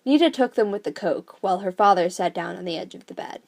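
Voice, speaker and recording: A woman reading a novel aloud, breaking off into excited, swearing asides. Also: on the low side, fast, vocal fry. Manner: excited, profane, rambling outbursts in commentary. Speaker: reader.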